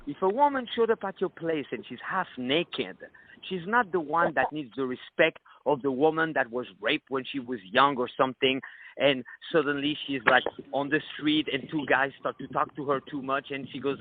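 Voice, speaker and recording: A man's voice: fairly high pitch, moderate pace, a little hiss or hum. A man speaking as a dating coach at a live seminar, blunt and crude. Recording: tinny phone-like audio.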